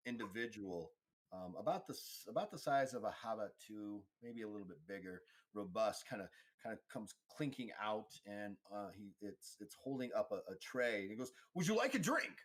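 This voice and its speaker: A man's voice: lowish voice, moderate pace. A man in the game master's seat, describing scenes for his players. His delivery is loose and rambling, with easy restarts. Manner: relaxed, rambling, frequent restarts. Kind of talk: narrating a tabletop game.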